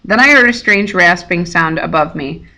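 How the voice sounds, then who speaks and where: Woman reader, bright voice, lowish pitch, casual read-aloud with stumbles. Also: lively intonation, normal speed. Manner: slips and rereads words. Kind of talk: reading a novel aloud.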